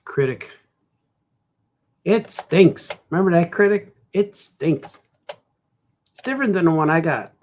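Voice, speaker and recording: A man's voice: fairly high pitch, lively intonation, unhurried, creaky, long pauses, a little mellow, a little hiss or hum. A man cartoonist thinking aloud in a casual drawing vlog, rambling and muttering to himself as he works. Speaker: cartoonist and comic shop host.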